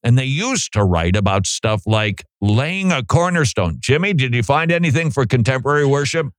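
A man hosting a casual talk show, his pitch swinging lively from high to low as he muses and tosses questions at his co-host. The sound is dry and close, with no room around it. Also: normal speed, dry recording. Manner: animated, musing, rhetorical questions. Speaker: podcast host.

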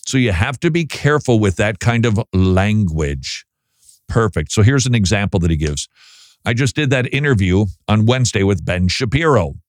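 A man's voice: lowish voice, lively intonation, moderate pace, dry recording, studio quality. A middle-aged man hosting a casual Christian talk show, chatty with wry asides, sometimes stumbling over his words. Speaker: podcast host.

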